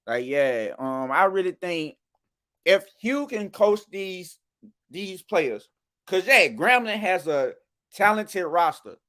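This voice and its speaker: A man's voice: fairly high pitch, bright, forceful tone. A man talking casually about college football on a podcast, rambling with many restarts. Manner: rambling, restarts, keeps asking "you know what I'm saying". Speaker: podcast co-host. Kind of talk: casual sports podcast chat.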